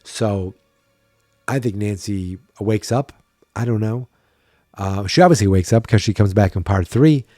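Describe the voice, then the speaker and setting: A man's voice: on the low side, measured pace, long pauses, dark tone, dry recording, studio quality, faint music behind. A tired man hosting a podcast, chatting wryly and thinking aloud in a casual solo recap. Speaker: podcast host.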